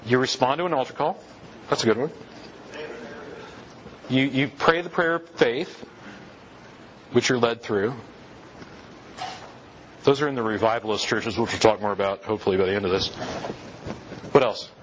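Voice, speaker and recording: A man lectures in a relaxed, conversational way, often turning to his listeners with rhetorical questions. His voice sits at an ordinary middle pitch. The recording is a bit dull and lo-fi, with a faint hiss underneath. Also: normal speed, pauses often. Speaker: lecturer on church history. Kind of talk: classroom lecture.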